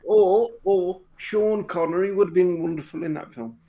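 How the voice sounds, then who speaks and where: Man, high voice, dry wry banter, faint noise behind. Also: normal speed, dull audio. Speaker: podcast co-host. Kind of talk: casual banter.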